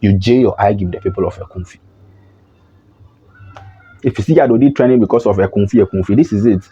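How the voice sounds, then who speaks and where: A man with a Ghanaian accent giving opinionated political commentary as a vlogger, talking in an animated, mocking way and often restarting his sentences. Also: lowish voice, quick pace, husky, soft background music. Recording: dull lo-fi recording.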